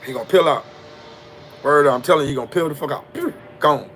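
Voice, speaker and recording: A man's voice: on the high side, quick pace, fairly bright tone, slight background noise. Slangy, emphatic male storyteller. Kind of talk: casual street storytelling monologue.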